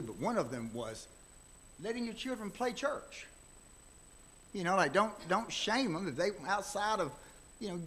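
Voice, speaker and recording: A man's voice: mid-range voice, a bit bright, a little hiss or hum. Folksy man teaching a church class. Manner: folksy, rambling storytelling with restarts. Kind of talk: casual church class talk with personal stories.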